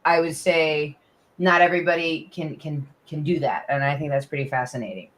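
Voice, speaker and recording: Low voiced woman hosting a chat show, soft and thoughtful. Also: fairly quick. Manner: soft, reflective, reads audience questions. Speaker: podcast host. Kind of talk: casual interview chat.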